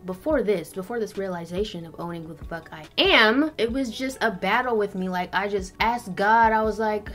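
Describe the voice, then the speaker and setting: A woman in her twenties chatting bluntly while doing her makeup, with a lot of swearing and animated storytelling. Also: medium pitch, moderate pace, few pauses, soft background music. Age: 20s. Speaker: beauty vlogger.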